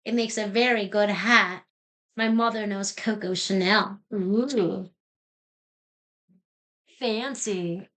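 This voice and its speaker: Bright, animated woman reading a storybook. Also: medium pitch, a little slow. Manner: animated, playful, giggling between pages. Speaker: children's book reader. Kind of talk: storybook read-aloud.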